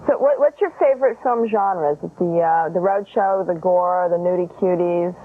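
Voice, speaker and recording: A woman's voice: fairly low pitch, moderate pace. A woman hosting a film show, playful and teasing with her guest and audience. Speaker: host. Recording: tinny lo-fi broadcast sound, faint hiss.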